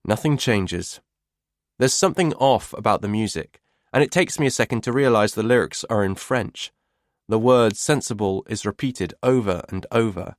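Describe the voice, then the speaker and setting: A man's voice: on the low side, dry recording. Dry, wry male audiobook narrator. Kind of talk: first-person audiobook narration.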